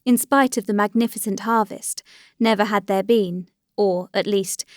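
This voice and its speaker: A woman narrating a classic novel in a steady, measured reading voice. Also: mid-range voice, dry recording, clean studio sound. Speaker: audiobook narrator. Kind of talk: scripted narration.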